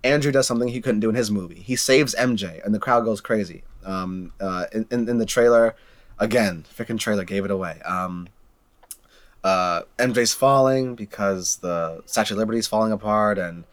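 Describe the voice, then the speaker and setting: A young man in casual chat, retelling film scenes in an animated way, with many fillers and repeated words. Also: lowish voice, moderate pace. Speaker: movie discussion co-host.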